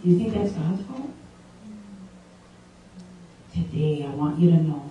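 A woman delivers an emphatic sermon to a gathering of women, firing questions at the room. Her voice is mellow and dark, and she sounds distant from the microphone. A large, heavily echoing room surrounds her. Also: low voice, expressive, measured pace, long pauses, dull audio, a little hiss or hum. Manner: emphatic, asks the audience questions. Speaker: preacher. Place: large echoey meeting room. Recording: very echoey room, distant mic.

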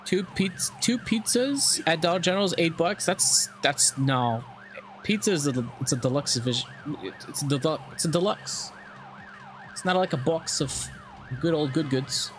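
Joking, foul-mouthed young man, raised pitch. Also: expressive, moderate pace. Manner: joking, crude, swears freely, laughs often. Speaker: speedrunner streaming a game. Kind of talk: casual gameplay commentary.

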